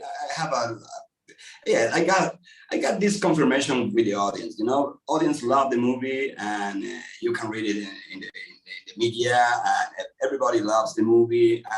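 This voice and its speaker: A male actor talking casually as an interview guest, telling stories in an animated, expressive way. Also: mid-range voice, normal speed. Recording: echoey, distant mic.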